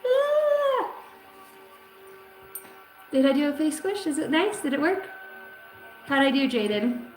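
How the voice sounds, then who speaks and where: A woman in her thirties gives a casual livestream card reading, greeting viewers with playful, profane banter. Her voice sits fairly high. The room rings with echo, and faint music plays behind her. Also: lively intonation, moderate pace. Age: 30s. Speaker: tarot and oracle card reader.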